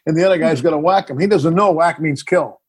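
A man's voice: a little high, fast, breathy edge. A middle-aged man, a filmmaker guest in a casual interview, telling a story animatedly and acting out the scenes.

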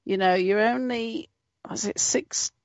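A woman's voice: medium pitch, unhurried, no echo. A woman in a casual video-call chat, talking with a lot of energy, laughing often and swearing now and then. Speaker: guest.

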